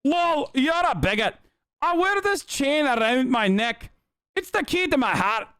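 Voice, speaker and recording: A man putting on a high, sing-song mocking impression of a fervent nationalist woman, drawing words out. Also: big pitch swings, a bit bright, dry recording, studio quality, exaggerated voice. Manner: drawn-out, mock-earnest delivery.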